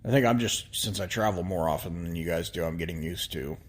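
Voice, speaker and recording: A man co-hosting a casual podcast, his voice a little low and husky. He talks in an easygoing, halting way, circling back on his words as he goes. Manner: easygoing, halting, with many fillers and restarts. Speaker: podcast co-host. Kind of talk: casual chat.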